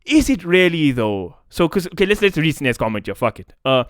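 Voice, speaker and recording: A man's voice: fairly high pitch, sing-song, brisk, no room sound, studio quality. A young South African man with a South African accent, ranting in a profane, casual-slang commentary vlog. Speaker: esports commentator.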